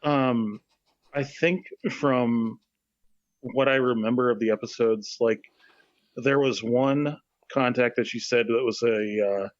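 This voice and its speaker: A man co-hosting a podcast, chatting casually and slowly, thinking aloud with many fillers. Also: mid-range voice, steady tone, no echo, dull audio. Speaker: podcast co-host. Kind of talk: casual chat.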